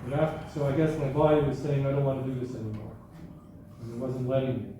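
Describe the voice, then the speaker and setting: In an echoey school hall, far from the microphone and with faint background noise, a male guest speaker talks fast in a mid-range, dark-toned voice with flat delivery. His talk to the gathered audience is informal and chatty, full of anecdotes and mid-sentence self-corrections.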